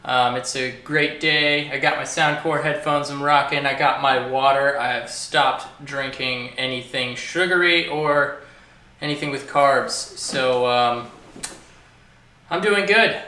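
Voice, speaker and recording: A man's voice: medium pitch, fairly even intonation, slow, bright, forceful tone, echoey room. An American man co-hosting a casual live stream, laid-back, rambling and jokey. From United States. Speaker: co-host.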